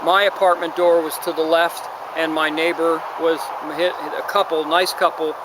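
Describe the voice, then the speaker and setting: A man's voice: on the high side, level tone, moderate pace. Rambling man podcaster, noisy street. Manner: rambling, digressive, exasperated. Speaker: podcast host. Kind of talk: casual monologue podcast.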